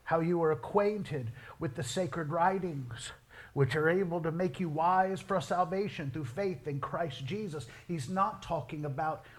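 A man preaching a sermon, moving between quiet storytelling and loud, drawn-out climaxes. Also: on the high side. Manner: dramatic, swings from quiet storytelling to shouted climaxes; slow, drawn-out emphasis on key words.

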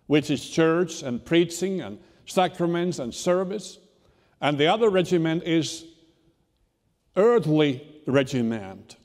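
Pastor preaching in a reverberant church. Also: male voice, a little high, a little mellow. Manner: unhurried, halting delivery with repeated restarts. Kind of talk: sermon. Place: church sanctuary.

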